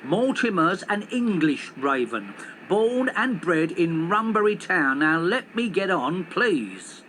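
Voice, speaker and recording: A man putting on a crotchety middle-aged taxi driver who grumbles in gruff, homely speech, a little louder and slower than a narrator's voice. Bright, lively storybook reading on children's television. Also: high-pitched, slight background noise, exaggerated voice, low-quality recording. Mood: testy.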